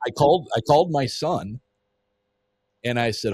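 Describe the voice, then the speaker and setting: A man's voice: mid-range voice, lively intonation, moderate pace, long pauses, a little mellow, breathy edge, no echo. A man telling a story in casual conversation as a podcast guest, vivid and swearing freely, acting out what people said.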